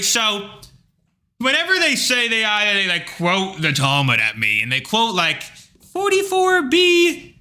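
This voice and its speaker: A man hosting a livestream, talking in a rambling, casual rant full of fillers and blunt asides. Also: fairly high pitch. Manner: rambling, filler-heavy, animated retelling; blunt, with occasional profanity. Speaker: livestream host.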